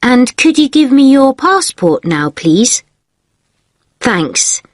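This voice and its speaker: A woman's voice: fairly high pitch, very animated, slow, no room sound, clean studio sound, full character voice. A woman playing a polite hotel receptionist in a scripted exam dialogue, using a formal service tone. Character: courteous female hotel receptionist.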